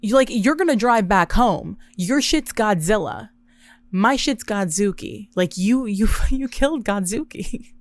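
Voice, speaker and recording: A woman hosting a podcast alone, telling a story in a wry, profane, deadpan way. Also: medium pitch, a little slow, dry recording. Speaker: podcast host. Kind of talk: casual solo storytelling.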